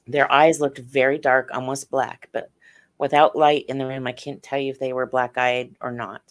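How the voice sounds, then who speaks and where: A woman's voice: rumbling low, level tone, moderate pace. A middle-aged woman, a podcast guest, telling her experiences in earnest detail. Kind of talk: interview on a podcast.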